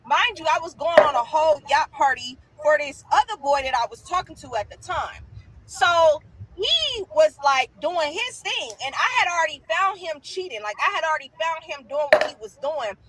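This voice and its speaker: A woman's voice: high voice, normal speed. A young woman casually telling a profane story, calling her listeners y'all. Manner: animated, addresses listeners as y'all. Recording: noisy recording.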